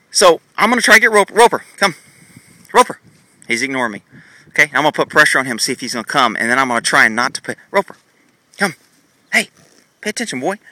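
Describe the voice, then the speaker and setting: A man's voice: medium pitch, sharp tone, no room sound, low-quality recording. A man who trains horses, teaching in a rambling, blunt and sarcastic way while filming himself on a phone outdoors in a paddock. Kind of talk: casual teaching vlog. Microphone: phone camera held while filming.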